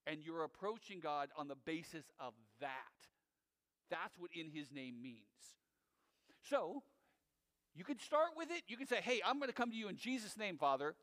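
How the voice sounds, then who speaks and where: Male pastor, conversational sermon with asides, echoing hall. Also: on the high side. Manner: animated, conversational preaching with asides to the audience.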